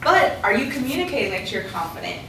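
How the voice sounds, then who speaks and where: A bright, high-pitched woman leads a public speaking workshop, lively and quick to laugh as she acts out little quotes. Her voice is heard from across a reverberant meeting room, with faint background noise. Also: far from the mic. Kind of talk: workshop presentation. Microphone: distant room mic. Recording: echoey room recorded from afar.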